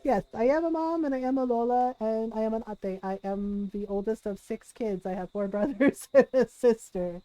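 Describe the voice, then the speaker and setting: A woman's voice: fairly high pitch, normal speed, few pauses, mellow, dry recording, rough recording. A middle-aged woman livestreamer in casual, giggly chat while gaming, telling stories with many fillers.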